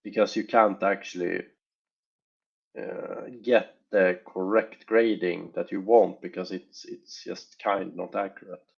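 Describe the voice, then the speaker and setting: A man, a game developer, talking casually in an interview and thinking out loud with hesitant, weighing turns of phrase, on a dull lo-fi recording. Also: low voice, steady tone, unhurried, creaky, breathy edge. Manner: thoughtful, hesitant, weighing options aloud.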